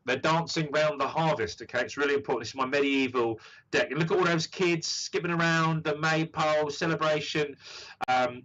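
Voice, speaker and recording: A man's voice: fairly high pitch, fairly bright tone. A British man in his thirties, a psychic medium hosting a live stream reading, encouraging and rambling with lots of fillers. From United Kingdom. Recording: dull lo-fi stream audio.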